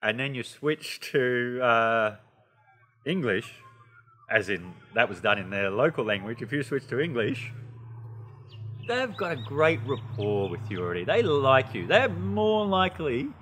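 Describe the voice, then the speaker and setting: A man with an Australian accent talks through a casual language lesson. His voice is bright and his delivery is chatty and animated, full of playful asides. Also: mid-range voice, measured pace, in a large hall, a little hiss or hum. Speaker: English teacher.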